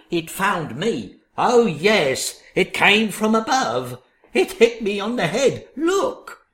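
A man's voice: high voice, fairly bright tone, full character voice. Relevorg, a man doing an oily fawning servant. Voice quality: oily and obsequious. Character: fawning, scheming male servant, bootlicker. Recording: roomy echo.

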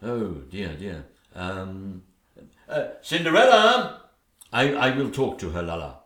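A meek, pompous posh king, as a man puts him on, middle-aged and easily cowed. He speaks in a stuffy upper-class manner with a lively rise and fall. The room adds a clear echo. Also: medium pitch, fairly quick, close to an everyday voice. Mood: flustered. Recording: roomy echo.

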